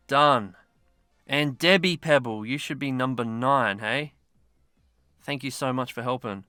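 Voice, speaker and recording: A man's voice: medium pitch, unhurried, long pauses, bright, forceful tone, smooth, no echo, studio quality. A man giving casual, rambling gameplay commentary with self-mocking asides. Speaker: mobile game YouTuber.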